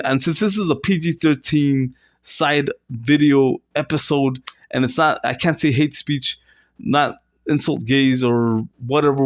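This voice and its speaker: A comedy vlogger rambles through an improvised, self-mocking monologue full of fillers and restarts, now and then breaking into sudden squeaky fake sobbing. The microphone sits close to the camera.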